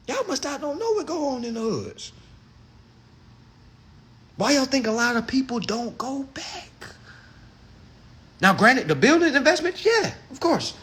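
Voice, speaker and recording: Here a livestreamer's voice is extremely high and swoops wildly in pitch, fairly bright, measured in pace and broken by frequent pauses. He rants emphatically and profanely at viewers, sometimes acting out other people's voices.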